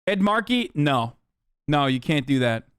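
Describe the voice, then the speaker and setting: A man's voice: a little high, sing-song, measured pace, a bit bright, clean tone, no room sound, clean studio sound. Blunt, profane male streamer ranting. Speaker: streamer host. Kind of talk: profane live-stream commentary.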